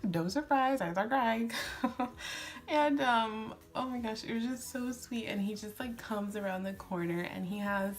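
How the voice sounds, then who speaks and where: A woman's voice: fairly high pitch, a little slow. Giggly, gushing young woman vlogger. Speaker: beauty vlogger. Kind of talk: chatty makeup tutorial storytelling.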